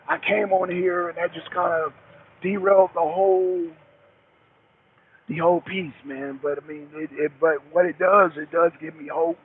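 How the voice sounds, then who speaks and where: A man's voice: high-pitched, fairly even intonation, moderate pace. A middle-aged man, a truck driver, calling into a talk show, rambling and repeating himself, cursing heavily as he talks. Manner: rambling, repetitive, heavy cursing. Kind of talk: call-in talk show chat. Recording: tinny phone line with faint hiss.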